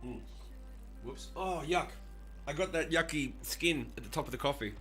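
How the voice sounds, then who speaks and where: Bright-voiced man ranting on stream. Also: fairly high pitch, normal speed, soft background music. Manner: animated, profane ranting; reads and answers chat. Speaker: streamer and musician. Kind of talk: casual live-stream chat.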